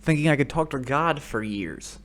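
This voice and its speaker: An American man hosting a podcast, telling rambling comedic stories full of swearing that break into shouted rants, speaking into a studio microphone. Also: a little high, animated, moderate pace. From United States. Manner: profane, rambling storytelling that bursts into shouted rants. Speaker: podcast host. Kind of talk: solo comedic monologue.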